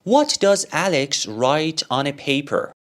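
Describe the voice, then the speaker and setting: Guy teaching a mini story, asks a question then answers it, slow and bouncy. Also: a little high, lively intonation. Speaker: English teacher.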